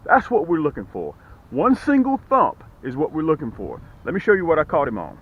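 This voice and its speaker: Brief: folksy male angler, animated delivery, muffled outdoor audio. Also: fairly high pitch, a little fast, breathy edge. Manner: excited, folksy, hypes his products. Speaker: fishing vlogger and lure seller. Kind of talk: casual fishing vlog with product pitch. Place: outdoors on a boat.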